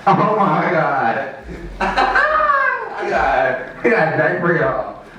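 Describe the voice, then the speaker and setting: High bright guy rambling through a stand-up set, echoey room, mic far off. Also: huge pitch swings, very slow, slight background noise. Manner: rambling, laughs at his own lines, swears a lot. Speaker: open mic comedian. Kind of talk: stand-up storytelling. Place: small open mic venue. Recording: echoey room, heard from a distance.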